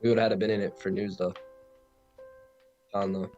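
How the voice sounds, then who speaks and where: A man's voice: lowish voice, flat delivery, brisk, darkish tone, lo-fi sound, faint music behind. A man co-hosting a trading livestream, dropping in short remarks from a little way off the mic. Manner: brief chiming-in remarks.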